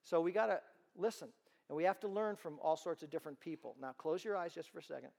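A man giving a sermon-style talk to parents in a large room, telling stories in an animated way. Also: a little high, quick pace, vocal fry. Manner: animated storytelling. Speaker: ministry speaker.

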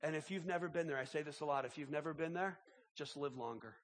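A man preaching a sermon as pastor, impassioned and halting, often repeating words as he builds. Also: a little high.

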